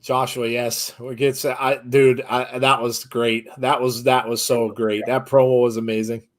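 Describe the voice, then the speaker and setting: A man co-hosting a live reaction commentary, excitable, laughing often and gushing with exclamations. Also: mid-range voice, measured pace. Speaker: co-host of a wrestling watchalong.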